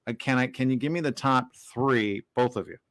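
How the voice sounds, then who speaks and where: A man's voice: mid-range voice, fairly quick. A man hosting an interview show, joking playfully with his guests in casual chat. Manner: playful, jokey, animated. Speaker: show host.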